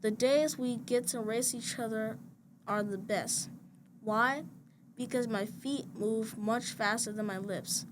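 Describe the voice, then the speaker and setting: A woman reads a children's picture book aloud, her voice sitting a little high. She keeps a gentle, even storytelling pace. A steady hiss of noise runs under the recording. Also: slow. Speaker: storybook reader. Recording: noisy background hiss.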